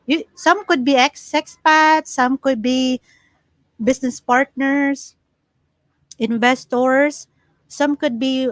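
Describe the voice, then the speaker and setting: A high-pitched Filipino woman hosts a casual livestream, reading viewer comments aloud in a chatty, giggly way and code-switching as she goes. The recording is dry and low in quality.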